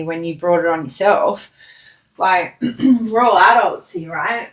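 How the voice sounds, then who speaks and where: A woman's voice: mid-range voice, measured pace, a bit bright. A woman giving a casual pick-a-card tarot reading, talking bluntly and swearing freely. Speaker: tarot reader. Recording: echoey room.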